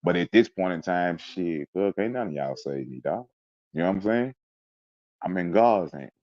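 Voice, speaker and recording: This interview guest, a man whose voice sits low and sounds a little mellow, relates a personal anecdote at a moderate pace with lively intonation. It's an intense, emphatic telling in casual conversation, peppered with mimicked sounds. Lo-fi, dry recording.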